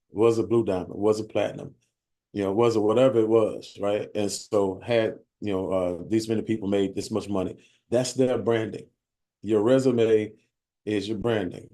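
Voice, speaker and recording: Man, lowish mellow voice, plainspoken motivational sales speaker with a streetwise edge and frequent restarts. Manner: blunt, streetwise, repetitive with stumbles and "right?" tags. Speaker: sales team leader speaking at a bootcamp. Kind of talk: motivational talk to a live group.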